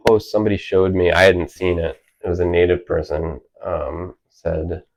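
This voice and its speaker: A man's voice: low voice, flat delivery, moderate pace, rough recording. A man in his thirties, an author talking casually at a library event, rambling with lots of filler words and restarts. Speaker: author guest. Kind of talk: casual conversation.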